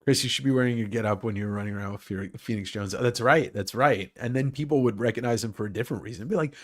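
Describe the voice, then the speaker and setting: A man's voice: medium pitch, quick pace. A man hosting a casual livestream chat about comics who rambles, jokes and swears freely. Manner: rambling, joking, profane. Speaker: host.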